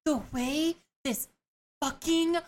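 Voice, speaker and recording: A woman co-hosting a podcast, talking excitedly with lots of giggles and swearing. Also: high-pitched, slow pace. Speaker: podcast co-host. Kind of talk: casual chat.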